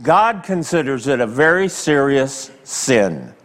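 Slow, animated preacher in a reverberant hall. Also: male voice, medium pitch. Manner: slow, emphatic preaching with dramatic pauses; asks the congregation direct questions. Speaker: pastor. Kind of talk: sermon.

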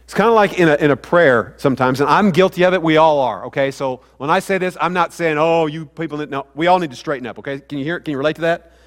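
Pastor, male, high voice, conversational sermon delivery that asks the room questions, church reverb. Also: fast, few pauses. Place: church sanctuary. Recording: hall reverb.

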